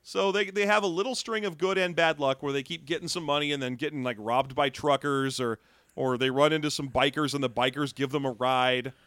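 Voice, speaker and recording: A man's voice: mid-range voice, steady tone, a little fast, a bit bright, no room sound. A man co-hosting a casual movie recap chat, wry and sarcastic, often laughing. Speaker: podcast co-host.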